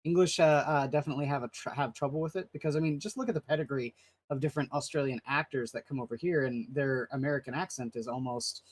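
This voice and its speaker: A man's voice: mid-range voice, fast. A man co-hosting a casual livestream chat, explaining his opinions with confident asides. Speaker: co-host.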